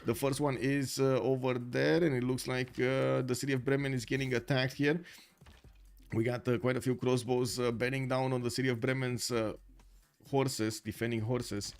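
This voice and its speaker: A man's voice: medium pitch, flat delivery, moderate pace, vocal fry. A man giving live commentary on a strategy game tournament, chatty and thinking aloud with many fillers. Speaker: esports caster.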